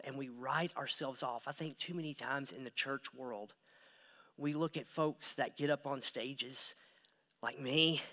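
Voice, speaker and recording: Bright-toned pastor preaching with swings in volume. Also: male voice, medium pitch, measured pace. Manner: swings between hushed asides and loud emphatic build-ups. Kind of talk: sermon. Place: church stage.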